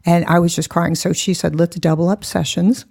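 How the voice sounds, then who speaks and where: Woman, forties, gravelly, dark mellow tone, blunt and self-mocking, laughs a lot. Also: on the low side, level tone, fairly quick. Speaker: guest. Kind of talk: candid storytelling.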